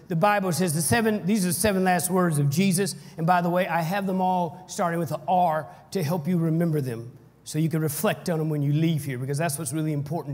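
High-voiced preacher in an echoey hall. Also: male voice. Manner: energetic preaching with call-and-response, shouting at peaks. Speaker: pastor. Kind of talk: sermon. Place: church hall.

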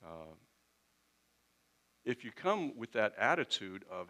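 Preaching conversationally, this man sometimes plays out short quoted back-and-forths with his congregation. He speaks animatedly at normal speed, with a lowish voice and a sharp tone.

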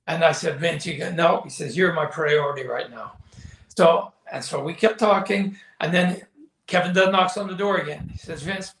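In a candid interview recorded in an echoey room, an older man who used to commentate wrestling tells stories. His voice sits high with a fairly bright tone, and he acts out quoted dialogue while often saying "you know."

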